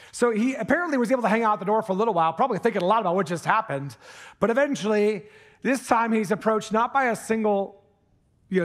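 In a church sanctuary, a pastor with a fairly high voice delivers an earnest, animated sermon. He shifts from urgent appeals to a near-hush of intensity to drive points home, then relaxes into joking asides spoken in put-on accents.

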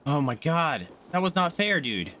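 A young man streaming a game live, swearing and panicking in excitable outbursts. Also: a little high, measured pace, slight background noise. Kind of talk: live gameplay commentary.

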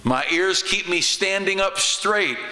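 A middle-aged male pastor preaching with a bright, somewhat high voice. He swings from loud, emphatic exclamations to hushed asides, and his words ring out with a long reverb through the church hall. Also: slow. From United States. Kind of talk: sermon. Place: church sanctuary.

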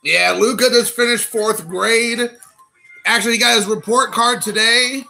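A man in his thirties hosting a casual stream while opening trading card packs, excitable and rambling, calling people dude. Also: extremely high pitch, moderate pace, creaky, soft background music, poor audio. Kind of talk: casual live-stream chat.

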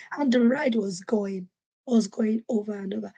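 A woman from Nigeria hosting a podcast, telling a personal story in an animated way and acting out what other people said. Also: medium pitch, moderate pace. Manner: animated, acts out quoted voices. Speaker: podcast host. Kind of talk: storytelling monologue.

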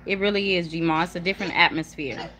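A young woman chatting casually and emphatically to viewers on a livestream, repeating herself and hushing her children now and then. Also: fairly low pitch, fast talker. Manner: chatty, emphatic, repetitive, warm toward viewers; hushes children mid-talk. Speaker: livestream host. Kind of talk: casual live chat to viewers. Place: home room with kids nearby.

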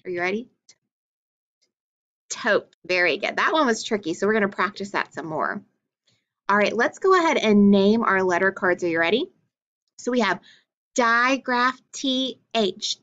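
A woman teacher leads young children through a phonics drill at an unhurried pace. She sounds out each letter and vowel carefully, with steady encouragement. The recording is slightly dull and lo-fi. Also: medium pitch. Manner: slow, clearly enunciated, encouraging praise.

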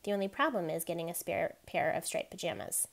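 A woman's voice: lowish voice, brisk, gravelly. A woman reading a novel aloud, voicing a curious, friendly young boy in a slightly raised voice. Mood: eager.

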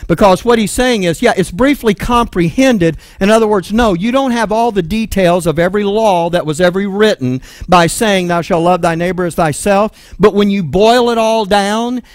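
High-voiced Texan man teaching the Bible. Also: dry recording, clean studio sound. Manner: asks the room rhetorical questions, then answers them; reads scripture aloud, then explains it verse by verse. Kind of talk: sermon-style Bible teaching.

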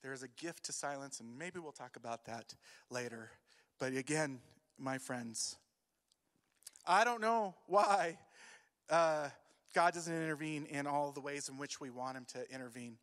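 Man, youth pastor, emotional sermon, high voice, long hall echo. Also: a little slow. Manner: emotional, swings from quiet grief to loud urging. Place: church hall.

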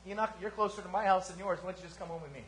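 Male pastor, high voice, animated sermon, fervent then hushed, church service. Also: very fast. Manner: animated preaching with sudden quiet drops.

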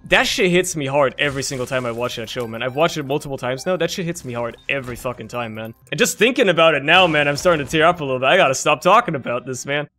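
A man with a fairly high, very bright voice talks through a game run in loose, rambling commentary. He swears casually and fills gaps with "like" and "man", while faint game music plays underneath. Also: animated, fast, few pauses. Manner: rambling, candid, swears freely, many fillers. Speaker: gaming video creator.

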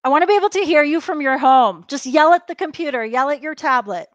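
A woman's voice: high-pitched, lively intonation, quick pace, no room sound, highs cut off. A woman leading a live workout class, upbeat and encouraging, counting down reps and a bit out of breath from exercising along. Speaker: fitness instructor.

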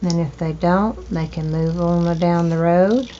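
A woman hosting a crafting video, chatting slowly to herself while she trims and glues, with hiccups now and then. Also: lowish voice, steady tone, mellow. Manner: slow, chatty, talking to herself while working. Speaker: crafting channel host. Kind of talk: casual crafting narration. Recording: dull lo-fi home recording with faint noise.

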